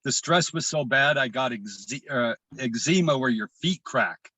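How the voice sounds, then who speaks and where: A man from Washington state speaks as a guest over a video call, at an ordinary middle pitch. He tells a painful personal story in a halting way, often stopping, restarting and repeating words. The sound is dry, with no room echo. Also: animated, bright, forceful tone, slightly rough. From Washington state, USA. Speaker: guest sharing his recovery story.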